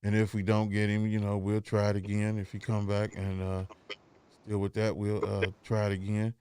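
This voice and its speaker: A man's voice: fairly low pitch, monotone, moderate pace, warm tone, clean tone, no echo, studio quality. A man hosting a casual podcast, laid-back and slangy, joking his way through a technical hitch. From Cincinnati. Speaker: podcast host.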